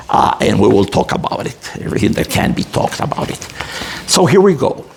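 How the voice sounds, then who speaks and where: Gravelly man, theatrical. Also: medium pitch. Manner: theatrical, emphatic reading with wide swings. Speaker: literature teacher. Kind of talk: literature lesson with dramatic reading.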